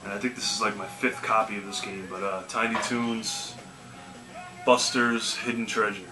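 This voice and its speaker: A video game collecting vlogger casually tells yard-sale stories in a laid-back, rambling way, full of "you know" and "man." His fairly low voice barely moves in pitch and keeps a moderate pace, recorded in an echoey room with faint music.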